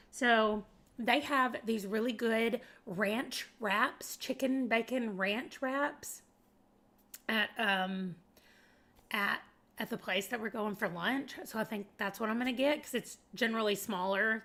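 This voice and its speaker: A chatty woman from southeastern Arkansas, talking in a Southern US accent. Her voice is bright and a touch high, and she rambles along in casual talk to camera, laughing easily and calling her viewers y'all. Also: unhurried. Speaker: booktuber.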